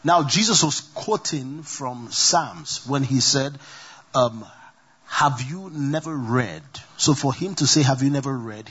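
A man's voice: medium pitch, husky, lo-fi sound. A man preaching a sermon as pastor, calling on the congregation to repeat after him and repeating each scripture reference.

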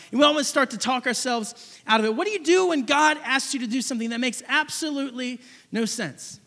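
A pastor preaching in a loose, conversational way with a strikingly high, bright voice. A gravelly edge runs through it, and he keeps circling back to the same questions. His voice rings out with the long reverb of a large hall. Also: a little fast. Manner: conversational, asks repeated questions. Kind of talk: sermon.

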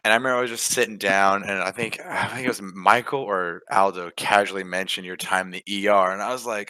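A man's voice: lowish voice, fairly even intonation, fast, hardly any pauses, crowd noise, low-quality recording. A man co-hosting a podcast who ribs a friend with mock outrage and swearing in casual chat. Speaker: podcast co-host.

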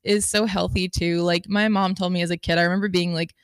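A woman's voice: lowish voice, little pitch movement, a little fast, clean tone, no room sound, studio quality. A young woman in casual chat, rambling with lots of filler words and the odd swear.

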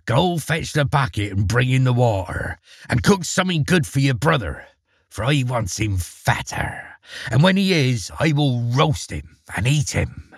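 A man's voice: medium pitch, sing-song, unhurried, husky, dry recording, studio quality, full character voice. A man voicing a wicked, hungry old witch woman in a storybook reading, sneering and bossy. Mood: commanding.

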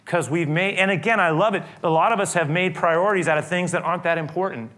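A middle-aged male pastor preaching a sermon, moving between quiet reflection and rising, emphatic appeals. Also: sits high, quick pace.

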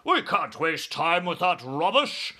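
A man's voice: on the high side, very animated, measured pace, pushed and bright, full character voice. A man voicing a pompous, self-important male army general in a storybook reading, boastful and bossy. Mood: blustering. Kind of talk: read-aloud storybook voice.

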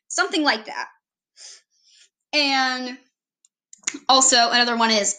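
A woman's voice: high-pitched, normal speed, pauses often, pushed and bright. A woman giving a casual, rambling self-introduction on her vlog, often correcting herself mid-sentence.

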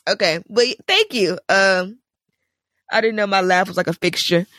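A woman co-hosting a podcast, telling stories in an animated way, laughing often and acting out quotes. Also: medium pitch, normal speed, no echo, studio quality. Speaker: podcast co-host. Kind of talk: casual podcast chat.

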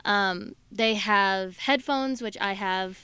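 A woman with a bright, crisp voice, chatting casually as a show guest. She talks in an upbeat way, with many fillers and restarts. The sound is close and dry. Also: medium pitch, slow, no echo. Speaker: voice actress guest. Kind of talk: casual chat.

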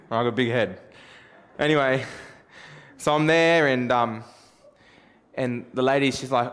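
A man's voice: medium pitch, a bit bright. A man preaching a sermon through a self-deprecating personal story, chatty and joking.

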